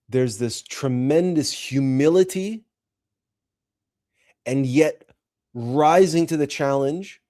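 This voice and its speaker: Slow, earnest male talk show host. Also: on the high side, warm tone. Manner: earnest, emotional, repeats and restarts a lot. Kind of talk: monologue on a spiritual talk show.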